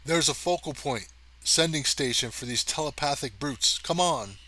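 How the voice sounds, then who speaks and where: A man's voice: a little high, animated, moderate pace, sharp tone. A man voicing a determined male cameraman stranded in space, talking in an urgent, pressing way.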